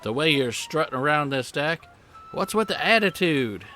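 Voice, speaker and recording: A man's voice: fairly high pitch, sing-song, normal speed, sharp tone, soft background music, voice pushed up. A man voicing a cocky, taunting sailor who picks fights, in a put-on Southern drawl. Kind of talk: reading game dialogue aloud.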